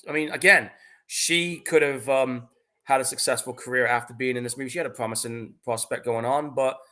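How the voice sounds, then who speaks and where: A man's voice: medium pitch, bright, forceful tone. A man co-hosting a movie watch-along podcast in casual chat, frank and profane. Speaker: podcast co-host.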